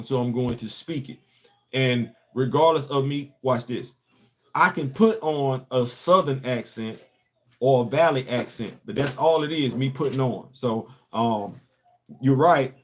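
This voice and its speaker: A man's voice: mid-range voice, a little mellow. A man hosting a comics commentary show, ranting emphatically and repeating himself. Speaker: host. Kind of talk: casual commentary.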